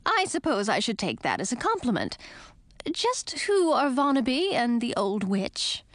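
A woman reading a storybook, voicing a composed middle-aged witch aunt who speaks in a measured, thoughtful way. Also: on the high side, wildly swooping pitch, a bit bright, no echo, pitched above the performer's own voice. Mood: wry.

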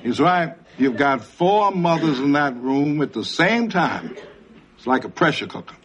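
A man's voice: a little high, sing-song, a little slow, fairly bright tone, dull audio. A man playing a married husband in a sitcom, giving advice in a knowing, joking way.

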